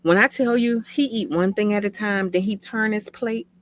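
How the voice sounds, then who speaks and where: A woman's voice: medium pitch, moderate pace. A woman in casual podcast chat, telling family stories in an emphatic, teasing way. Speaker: podcast co-host.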